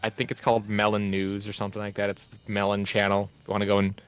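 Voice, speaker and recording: A man's voice: lowish voice, monotone, fast, clean tone. A man who works as a video editor, chatting casually on a stream and rambling as he loses his train of thought. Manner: rambling, trailing off.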